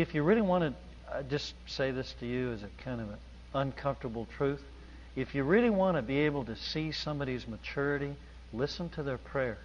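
A man preaching a sermon in an emphatic, deliberate manner in a large church hall. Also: medium pitch, slight background noise. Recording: dull audio with long hall reverb.

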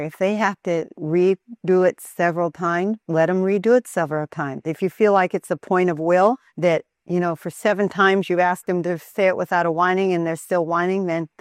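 Low-voiced woman teaching parenting. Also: no room sound, studio quality. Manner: calm, earnest and explanatory. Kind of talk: instructional talk on Christian child training.

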